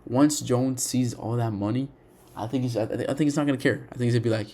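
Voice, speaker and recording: A young man talking casually about fighters, animated and repetitive, often restarting his sentences and saying "bro" and "dude". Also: mid-range voice, quick pace. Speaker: MMA commentator. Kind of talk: casual opinion monologue.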